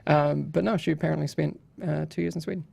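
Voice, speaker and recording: A man's voice: on the high side, fairly even intonation, fast talker, gravelly, warm tone. A man hosting a casual podcast, telling chatty anecdotes with lots of restarts. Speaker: podcast host.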